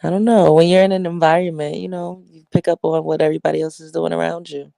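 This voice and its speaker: A woman chatting in a relaxed, low-key, sleepy way, lying at home in bed. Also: fast talker, gravelly, no echo, clean studio sound. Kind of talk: casual chat.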